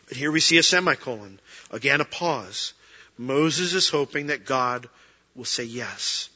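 A middle-aged pastor preaching in a casual, conversational way, acting out quoted prayers and excuses. His voice is bright and edgy, sitting a bit high for a man. The sound is dull and carries a long hall reverb. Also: moderate pace. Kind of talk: sermon.

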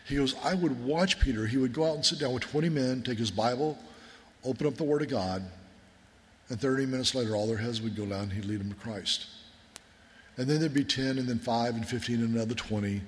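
Man, military chaplain, sermon, conversational storytelling, mid pitch, long hall reverb. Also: a little fast. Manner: conversational storytelling, earnest and folksy. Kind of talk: sermon with war stories.

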